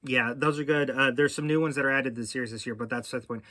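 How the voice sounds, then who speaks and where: Bright-voiced man rambling about racing. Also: medium pitch, steady tone, fast talker, no room sound, studio quality. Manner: rambling, with frequent fillers and restarts. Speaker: podcast host. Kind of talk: casual racing podcast chat.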